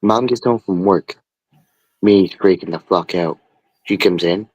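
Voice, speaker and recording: A man hosting a stream, telling a story in a rambling, profane, animated way. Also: deep voice, unhurried, long pauses, no room sound, lo-fi sound. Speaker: stream host. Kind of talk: casual storytelling.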